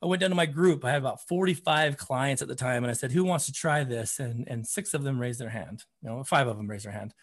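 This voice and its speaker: A man's voice: medium pitch, fast, few pauses. A man, a therapist and running coach, telling a story in casual conversation, acting out quotes with lots of fillers. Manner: animated, acts out quotes, many fillers like "you know" and "man".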